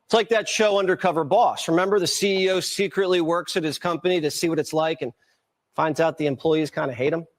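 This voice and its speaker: A man's voice: a little high, fairly even intonation, fairly quick. A man anchoring a TV news segment, delivering the report with a wry, sarcastic edge.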